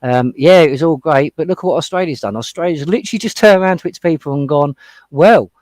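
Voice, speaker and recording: A man on a panel discussion, talking fast and heatedly as he retells his own run-ins in casual chat. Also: on the high side, lively intonation, darkish tone, no echo. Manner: heated, retelling confrontations with quoted exchanges. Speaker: panel guest.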